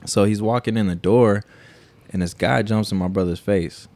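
A man co-hosting a podcast, telling a story in casual chat, animated and profane, acting out the quotes. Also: on the low side, moderate pace, no room sound. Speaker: podcast co-host.

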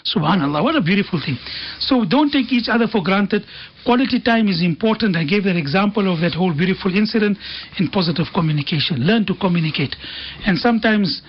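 A man's voice: high voice, expressive, fast talker, a little hiss or hum. A man speaking as a radio guest, telling stories and quoting Arabic sayings in an earnest talk on faith and family. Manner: earnest storytelling with Arabic quotations. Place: radio studio. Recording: dull dry radio studio sound.

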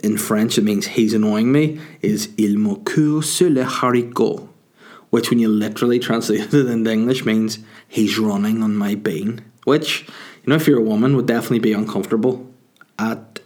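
A man with a slightly low voice rambles through a casual solo monologue, full of crude jokes and loose asides. He talks close to a desk microphone. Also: darkish tone. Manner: crude, joking, rambling with fillers.

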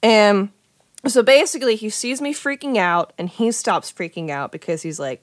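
A woman's voice: medium pitch, normal speed, no echo, clean studio sound. A young woman in casual chat, telling a personal story with animation, acting out quoted lines and swearing freely.

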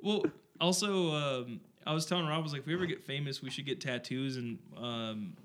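A man's voice: mid-range voice, brisk, a bit bright, a little hiss or hum. A young man co-hosting a podcast in casual chat, rambling and joking with lots of fillers, a bit drunk. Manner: rambling, filler-heavy, jokey. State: tipsy. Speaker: podcast co-host.

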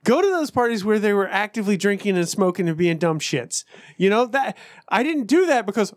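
A man in his thirties in casual chat with friends, ranting excitably and swearing a lot. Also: sits high, normal speed, no echo, studio quality. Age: 30s.

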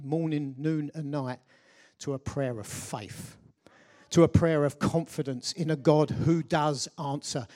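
Male preacher with a fairly high voice who tells scripture as a story and keeps questioning the congregation. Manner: retells scripture as a lively story, asks the listeners questions. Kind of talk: conversational sermon.

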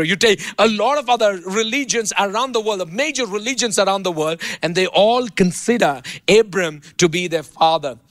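High-voiced man preaching, repetitive phrasing. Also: fairly bright tone, no room sound, clean studio sound. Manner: repeats and rephrases phrases for emphasis. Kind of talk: sermon teaching.

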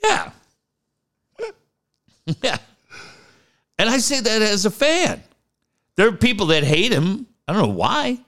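A man's voice: slow pace, pauses often. A man co-hosting a podcast, chatting casually and profanely, often mimicking people. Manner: animated, profane, mimics people with big pitch jumps. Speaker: podcast co-host.

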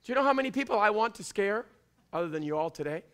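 A man from Canada with a Canadian accent, preaching a fiery sermon in church and often shouting. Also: high voice, expressive, racing. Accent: Canadian English. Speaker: pastor. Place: church before a congregation.

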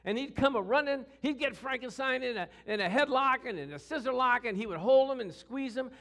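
A middle-aged man preaching a sermon through personal stories, acting out voices with shouts and growls. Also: very high-pitched, brisk. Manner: animated, acts out quotes with shouts and growls. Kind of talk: storytelling sermon.

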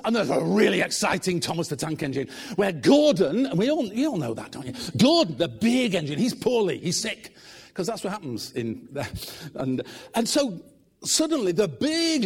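A middle-aged man, preaching and praying with animated, humorous storytelling in a church. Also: sits high, husky. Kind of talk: sermon.

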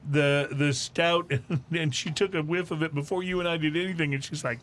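A man hosting a casual podcast about drinks and cigars, talking in a relaxed, chatty way. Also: on the high side, a little fast. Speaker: podcast host. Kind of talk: casual chat.

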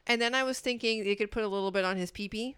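A woman's voice: medium pitch, fast talker, fairly bright tone, clean tone, dry recording, studio quality. Giggly rambling young woman. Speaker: podcast co-host. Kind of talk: casual chat reviewing a dating show.

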